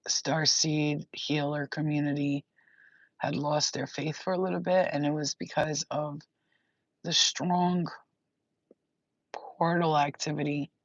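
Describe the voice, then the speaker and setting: A woman's voice: low-pitched, creaky, no echo. A young woman giving a casual intuitive reading, rambling and emotional, swearing and laughing often. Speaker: spiritual channeler. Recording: dull lo-fi dry sound.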